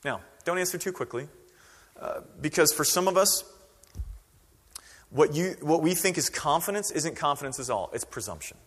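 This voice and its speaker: A man preaching a sermon as pastor, conversational and animated, acting out quoted voices. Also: a little high, normal speed, long pauses, big-room sound.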